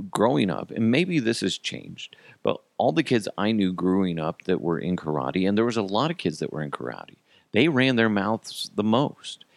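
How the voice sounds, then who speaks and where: Deep, gravelly man telling a story. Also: no room sound. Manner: profane, animated, laughs at his own jokes. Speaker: podcast host. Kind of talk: casual storytelling.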